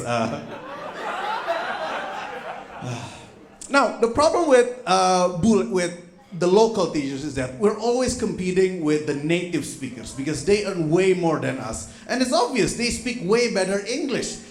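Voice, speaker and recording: A man's voice: high voice, normal speed, a crowd in the background. A man doing a stand-up set on stage, telling stories with acted-out quotes. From Indonesia. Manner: animated storytelling with acted-out quotes. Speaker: stand-up comedian. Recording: echoey venue room.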